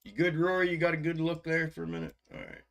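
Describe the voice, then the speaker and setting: Male stock-stream host, relaxed and profane, slightly raised pitch, bright tone. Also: quick pace. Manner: laid-back, profane, chuckles often, addresses viewers as bro. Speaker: stock market livestream host. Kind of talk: casual live-stream chat.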